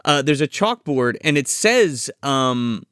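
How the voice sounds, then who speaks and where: Male podcast co-host, casual, profane, animated pitch, dry close sound. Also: takes it slowly, smooth, dry recording. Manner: swears freely, laughs, recaps scenes playfully. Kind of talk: casual film review chat.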